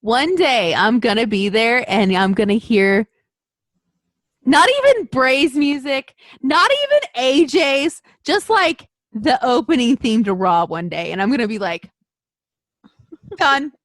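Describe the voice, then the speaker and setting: A woman co-hosting a podcast in casual chat, excitable and gushing, swearing freely. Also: a little high, unhurried, dry recording, studio quality. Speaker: podcast co-host.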